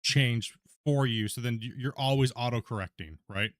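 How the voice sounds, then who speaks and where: A talkative man hosts a livestreamed podcast, speaking casually and turning often to address his viewers. His voice sits at an ordinary pitch and the sound is close and dry, with no room echo. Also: normal speed. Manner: chatty, laughing, addresses viewers directly. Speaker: podcast host and streamer. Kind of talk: casual chat with a live audience.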